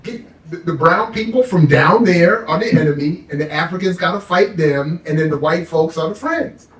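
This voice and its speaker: A man with a high voice holds forth on a panel, animated and emphatic. He sounds set back from the microphone. The room around him rings. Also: normal speed. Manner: animated and emphatic, mocks others in put-on quotes. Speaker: guest speaker, professor. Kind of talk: impassioned panel talk. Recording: echoey room, mic at a distance.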